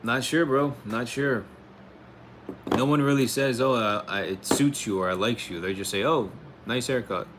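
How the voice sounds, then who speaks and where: A man's voice: mid-range voice, moderate pace, noisy background. Laid-back man hosting a livestream. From United States. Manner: laid-back, laughs often, says "bro" and "dude". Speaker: livestream host answering chat. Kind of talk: casual livestream chat.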